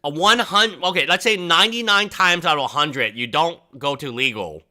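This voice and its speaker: A man hosting a livestream, chatting casually and rambling, often mimicking people in a high mocking voice. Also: animated, normal speed, bright, forceful tone. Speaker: livestream host.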